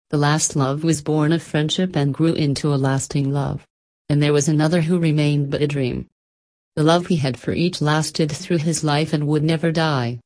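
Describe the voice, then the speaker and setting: A woman narrating a storybook in a gentle, measured way. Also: low voice.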